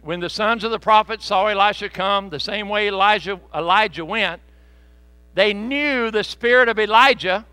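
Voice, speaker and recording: A man preaching a sermon, folksy and animated, with joking asides to the congregation. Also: high voice, normal speed, clean tone, no echo. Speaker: pastor.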